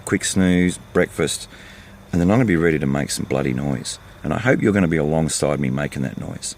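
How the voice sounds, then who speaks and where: A man's voice: extremely low pitch, brisk, creaky, a little mellow, a little hiss or hum. An older Australian man giving a fired-up, blunt, repetitive rant to camera from his vehicle while on the road. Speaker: vlogger. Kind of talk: impassioned monologue to camera.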